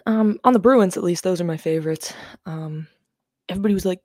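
A woman's voice: fairly low pitch, fast, darkish tone, dry recording, studio quality. A young woman co-hosting a casual podcast chat, rambling with lots of "um" fillers and easy swearing. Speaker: podcast co-host.

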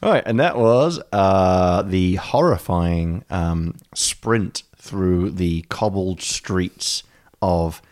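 Rambling low-voiced man on a podcast. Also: animated, very slow, a little mellow. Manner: rambling, laughing, puts on silly accents. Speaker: podcast co-host. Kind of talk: casual podcast chat.

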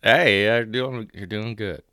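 A man talks casually on a podcast, teasing and laughing as he goes. His voice sits very low and comes through smooth and resonant. The sound is dry and close, with no room around it. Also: takes it slowly, pushed and bright, no echo. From Pittsburgh area, USA. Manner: joking, chatty, laughs often. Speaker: podcast co-host. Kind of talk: casual chat.

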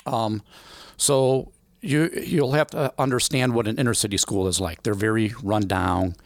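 A man in his forties from the American Midwest, telling stories in an interview, animated and acting out voices in the quotes. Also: lowish voice, normal speed, no room sound. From Illinois, USA. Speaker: guest. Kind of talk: storytelling interview.

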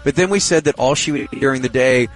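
A man co-hosting a live talk radio show, telling jokey stories and interjecting quickly. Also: mid-range voice, soft background music.

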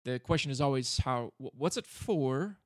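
A man's voice: medium pitch, animated, moderate pace, dry recording, studio quality. A man co-hosting a finance podcast in a casual, rambling way, his voice sounding slightly robotic. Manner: loose, rambling explanations. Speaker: podcast co-host.

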